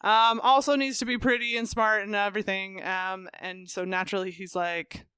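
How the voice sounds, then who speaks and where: A woman co-hosts a podcast in relaxed, casual chat. She tells a story quickly and with cheeky profanity and a joking edge. Her voice is bright and crisp, and it is recorded dry and close. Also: medium pitch, no echo. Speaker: podcast co-host. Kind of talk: casual chat, comic plot recap.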